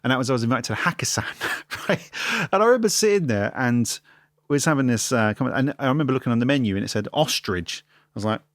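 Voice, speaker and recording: A male podcast host from London who talks quickly and tells stories with self-deprecating humour. His voice is dry and close, with no room sound. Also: mid-range voice, expressive, no echo. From London, England. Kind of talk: casual interview chat.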